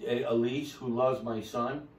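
Man, boisterous, rambling, pitchy storyteller, mid pitch, roomy echo. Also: steady tone, a little slow, distant mic. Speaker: podcast guest telling his story. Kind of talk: casual chat.

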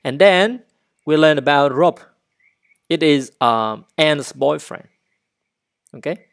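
Slow, patient Vietnamese-accented English teacher. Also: medium pitch, lively intonation, creaky. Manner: repeats words slowly, stressing syllables. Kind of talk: slow vocabulary lesson with repetition drills.

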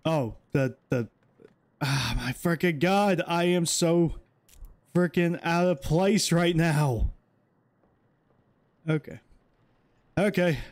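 A man's voice: fairly high pitch, takes it slowly, pauses often, darkish tone. A young man playing a horror game and commenting. He is jumpy, talks to himself and reads instructions aloud. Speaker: gamer. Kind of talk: let's play commentary.

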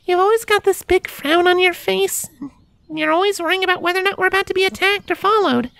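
A man voicing a ten-year-old girl pony with a high, childish, earnest voice in an audiobook reading. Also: brisk, creaky, sharp tone, dry recording, exaggerated voice. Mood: earnest cheerful. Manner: high childish voice, earnest and cheerful, turns frightened. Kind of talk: audiobook character voice.

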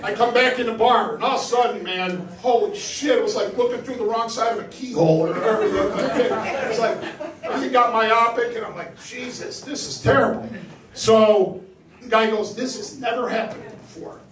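High, bright-voiced stand-up comic man. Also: normal speed. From Binghamton, New York. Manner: swearing, laughing through the punchlines. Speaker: stand-up comedian. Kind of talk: stand-up storytelling. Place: comedy club stage with audience.

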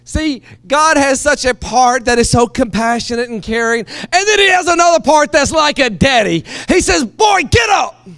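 A man preaching a sermon, moving between quiet, low asides and loud, shouted passages. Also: expressive, normal speed, few pauses, clear, resonant tone, no echo, studio quality. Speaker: pastor.

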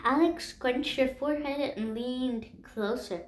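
A woman reading a children's picture book aloud in a gentle, expressive storytelling voice. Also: fairly high pitch, measured pace, few pauses, a little hiss or hum. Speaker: storybook reader.

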